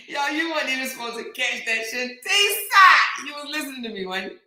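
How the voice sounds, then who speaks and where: A woman host chatting casually with her viewers, breaking into laughter again and again. Her voice is very bright and sharp, with loud playful bursts. The room rings with a roomy echo. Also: high voice, fast. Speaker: host reading viewer comments. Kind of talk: casual livestream chat. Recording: roomy echoey room sound.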